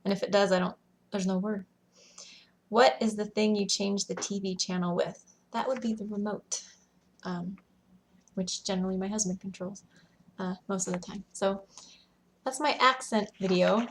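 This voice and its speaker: A woman's voice: medium pitch, steady tone, a little hiss or hum. A woman in her thirties from Washington State with a Western American accent, reading a word list and casually answering accent questions with some hesitant fillers. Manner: plain, unhurried, with hesitant fillers. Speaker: elementary school teacher.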